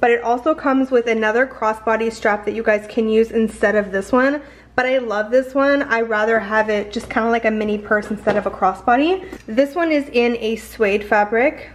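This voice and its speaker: A woman's voice: a little high, normal speed, a little hiss or hum. A young woman from Canada talking through a clothing haul in a gushing, chatty way with lots of fillers. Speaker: fashion haul vlogger. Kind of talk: casual haul vlog chat.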